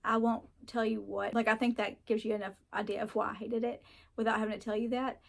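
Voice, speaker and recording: Gravelly, on the high side and fast, a woman's voice carries a casual book review. She's animated and frank, ranting, laughing often, swearing now and then, and mocking characters with put-on voices.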